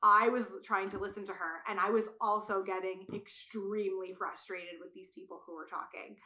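A woman with a bright, forceful voice tells a story between friends. She is animated, swears often and acts out what people said in loud bursts. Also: medium pitch, normal speed. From Italian heritage. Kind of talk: casual chat.

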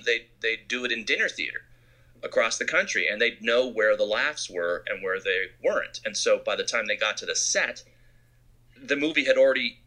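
A man from Arizona, a film director, telling anecdotes in an interview and acting out quotes. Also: mid-range voice. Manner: animated storyteller who acts out quotes.

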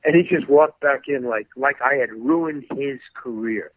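Speaking unhurriedly at medium pitch, a male guest actor recounts an animated anecdote in casual conversation, stumbling and restarting as he voices the quotes. The sound is dry and phone-like with a slight background noise.

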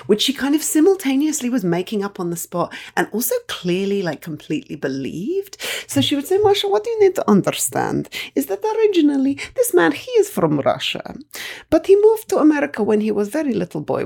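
A woman's voice: fairly low pitch, darkish tone. A woman telling a personal family story in a candid, wry, conversational way.

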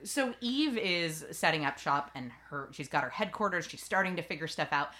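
Low-voiced woman hosting a TV recap. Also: normal speed. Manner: lively storytelling, acts out quotes. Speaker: podcast host. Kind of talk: casual TV recap chat.

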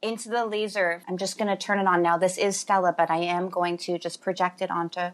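A woman improvising a comic co-pitcher, upbeat and salesy. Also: flat delivery, brisk. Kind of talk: improvised comedy.

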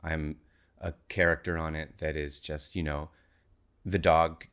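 Low-voiced man rambling on a podcast. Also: flat delivery, a little slow, fairly bright tone, smooth. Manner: rambling, self-deprecating, laughs often. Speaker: podcast co-host and actor. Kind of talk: casual chat.

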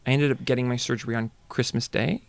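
A man with a gravelly, creaky voice and a middle pitch tells a story in casual conversation. He talks with animated delivery and slips into quick voices for the people in it. The sound is dry and close, with no room echo. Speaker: storyteller guest. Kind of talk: casual chat.

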